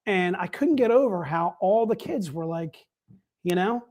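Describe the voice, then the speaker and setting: A man's voice: high-pitched, lively intonation, measured pace, darkish tone. A man hosting a live sales stream, chatting casually and upbeat, calling everyone "dude.". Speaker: livestream sales host.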